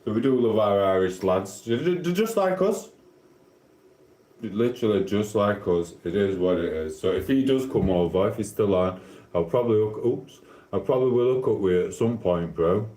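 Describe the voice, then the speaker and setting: A middle-aged man from Sheffield, South Yorkshire, hosts a livestream from his home kitchen, bantering with chat in a rambling, matey way and a Sheffield Yorkshire accent. His voice is on the low side and dark in tone, animated at normal speed. The room is roomy and echoing.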